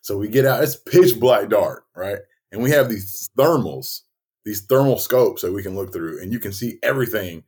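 Man, husky voice, lively pitch, casual storytelling, acts out quotes. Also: moderate pace. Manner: animated, swearing, acts out quotes. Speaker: podcast co-host.

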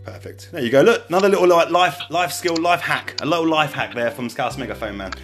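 A man's voice: fairly high pitch, fairly quick, fairly bright tone, soft background music. A man hosting a podcast in a casual, rambling way, restarting his sentences often and keeping the interview moving. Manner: chatty and rambling, many restarts. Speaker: podcast host.

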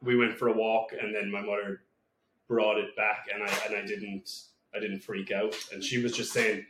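A man's voice: lowish voice, level tone, moderate pace. A man guesting on a podcast, telling rambling, swear-filled stories with many restarts. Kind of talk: casual storytelling. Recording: echoey room with faint noise.

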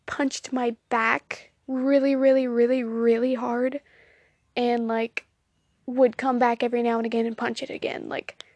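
A woman's voice: fairly high pitch, level tone, a little slow, a little mellow, no echo. A young woman with a Southern US accent, hosting an amateur podcast into her phone and chatting casually with lots of ums and self-deprecating laughs. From Southern United States. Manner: rambling, self-deprecating, giggly, many ums. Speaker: podcast host. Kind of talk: casual solo podcast chat.

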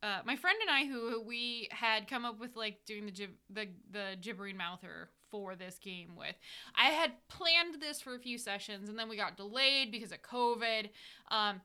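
A woman's voice: on the high side, moderate pace, pushed and bright, clear, resonant tone. An American woman who hosts a podcast and runs tabletop games, chatting casually in a rambling way with frequent laughs. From United States. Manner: rambling, chatty, laughs often, many "like" fillers. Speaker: dungeon master and podcast host. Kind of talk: casual reflective podcast chat.

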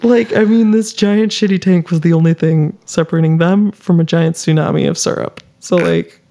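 A woman's voice: lowish voice, expressive, normal speed, dark tone. A woman telling a story in casual chat, chatty and giggly, with many fillers. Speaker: podcast co-host.

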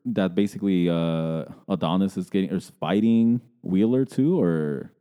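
A man co-hosting a loose movie podcast, laughing at himself and losing his words. His voice is very low and mellow. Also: normal speed, smooth. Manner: self-deprecating, laughing, trails off mid-sentence. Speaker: podcast co-host. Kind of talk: casual movie review chat.

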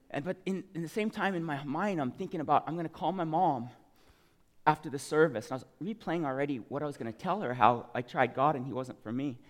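A man giving an emotional, animated testimony as a sermon, telling his story to a congregation. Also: high-pitched, big-room sound.

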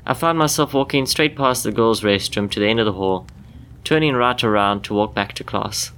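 A man calmly telling a first-person short story in scripted narration for a podcast. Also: lowish voice, normal speed, a little hiss or hum.

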